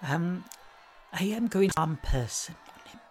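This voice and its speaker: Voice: medium pitch, lively intonation, unhurried. A tabletop game player speaking politely with some faltering restarts.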